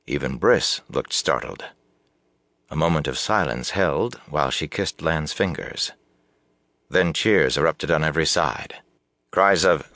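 A man reading a fantasy novel aloud as audiobook narration, with a measured, even storytelling delivery. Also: rumbling low, no echo, studio quality. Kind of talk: scripted narration.

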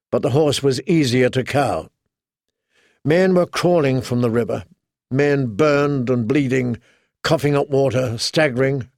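A man narrating an audiobook in steady, dramatic storytelling. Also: mid-range voice, dry recording, clean studio sound. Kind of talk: scripted narration.

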